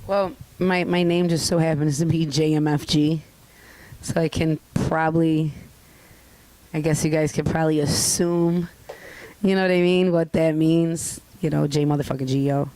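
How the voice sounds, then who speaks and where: A young woman chatting casually as an interview guest, candid and profane, telling stories with lively put-on voices. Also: low-pitched, moderate pace, poor audio. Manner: candid, profane, animated storytelling. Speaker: guest artist.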